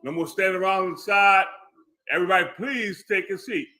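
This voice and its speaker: A man organizing the audience, giving brisk announcements to the crowd so that they take their seats. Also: sits high, sharp tone, rough recording.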